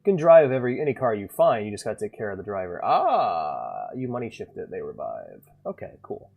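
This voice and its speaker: A man streaming a video game, commentating casually and excitably, swearing often and reading game text aloud. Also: lowish voice, a little fast, gravelly, narrow, tinny audio.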